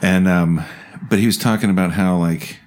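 A man's voice: low voice, fairly even intonation, normal speed, a little mellow. A man from South Jersey chatting casually as a podcast co-host, rambling and laughing as he restarts his thoughts. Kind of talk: casual chat.

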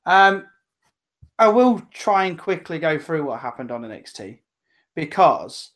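A man recapping matches in casual chat, hesitant with many pauses and ums. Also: fairly high pitch, big pitch swings, a bit bright. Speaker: podcast co-host.

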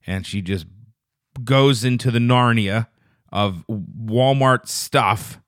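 Low-voiced man ranting through a story. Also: dry recording, clean studio sound. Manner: rambling, profane storytelling; grows loud and fast when indignant. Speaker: podcast host. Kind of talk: casual solo podcast monologue.

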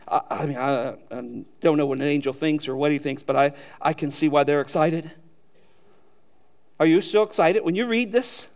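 High-voiced man preaching an earnest sermon. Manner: earnest, emphatic preaching with repeated phrases and rhetorical questions. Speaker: pastor.

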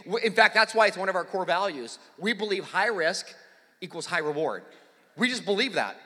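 Man, 40s, pastor, high lively voice, self-deprecating storyteller, long church reverb. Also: brisk. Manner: animated storyteller, self-deprecating humor, rises to near-shouting in dramatic moments. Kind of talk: sermon with personal story. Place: church auditorium.

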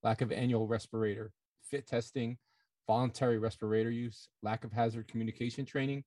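A man co-hosting a podcast, reading out a news item in a steady, matter-of-fact way. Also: mid-range voice, a little fast, no echo. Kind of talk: reading news items aloud.

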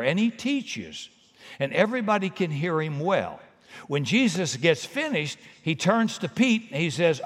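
A man preaching a sermon as a pastor, swinging between lively emphasis and quiet asides. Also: a little high. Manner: animated preaching with sudden drops to quiet asides. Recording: long reverb of a large hall.

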